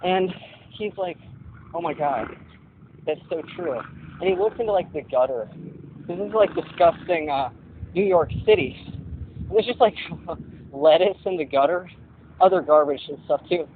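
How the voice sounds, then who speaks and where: A man's voice: high-pitched, normal speed, pauses often. A young man rambling while walking outdoors, thinking aloud with lots of fillers, recording a vlog on his phone. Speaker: vlogger. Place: outdoors walking along a street. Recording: tinny phone-like audio with noise.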